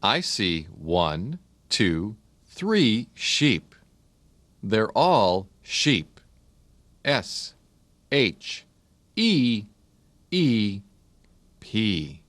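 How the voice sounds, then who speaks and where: A man with a low voice narrates a children's learning video, spelling out each word one letter at a time. He speaks very slowly, with a lively, bouncing pitch. The recording is dry and close. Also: dry recording. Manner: slow, spells words letter by letter, friendly questions. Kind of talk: scripted narration.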